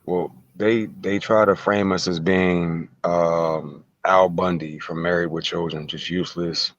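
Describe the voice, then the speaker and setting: A man's voice: sits low, little pitch movement, unhurried, no echo, muffled recording. A man talking as an interview guest, emphatic and casual, repeating words and firing rhetorical questions. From United States.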